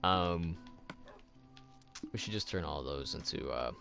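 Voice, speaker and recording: Low-voiced rambling let's play host. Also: male voice, lively intonation, fairly quick, gravelly, bright, forceful tone, faint music behind. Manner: rambling storyteller, loose and chatty. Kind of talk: casual chat while gaming.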